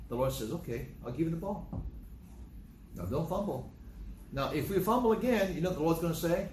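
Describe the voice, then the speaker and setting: An older man preaching a sermon in a conversational, storytelling way, acting out dialogue with sudden jumps in pitch. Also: background noise. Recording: echoey room.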